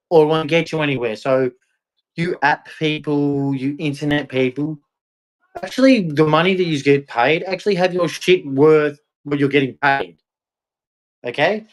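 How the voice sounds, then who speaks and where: A man's voice: on the high side, moderate pace, low-quality recording. A man ranting bitterly to camera, repeating "man" and "right" as he vents. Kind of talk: angry monologue to camera.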